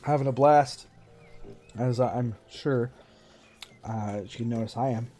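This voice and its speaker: Mellow-voiced man streaming a game. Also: medium pitch, measured pace. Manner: sarcastic, self-mocking running commentary. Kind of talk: casual live-stream commentary. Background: faint game music.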